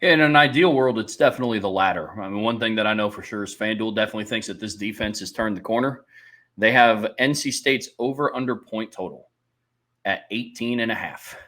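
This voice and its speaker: Man, lowish voice, bright edge, casual sports podcast co-host, thinks aloud. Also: a little fast. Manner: thinking aloud, weighing both sides.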